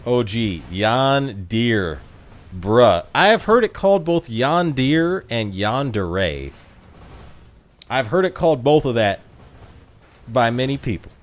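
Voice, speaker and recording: A man's voice: medium pitch, big pitch swings, moderate pace. A young man streaming a mobile game, chatting casually with his chat and laughing at himself. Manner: chatty, self-mocking, laughs often.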